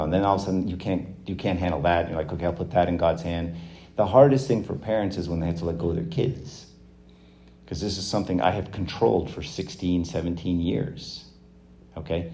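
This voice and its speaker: A man in his forties with a low, mellow voice gives a casual faith talk to young people. He speaks conversationally, breaks into little acted-out voices for the people he quotes, and often restarts his sentences with fillers.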